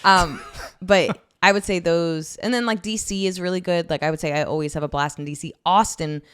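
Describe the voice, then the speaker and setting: Woman comedian, Jersey-raised, loud storyteller, smooth resonant tone. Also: lowish voice, fairly even intonation, brisk. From New Jersey. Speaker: guest comedian. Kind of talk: casual podcast chat.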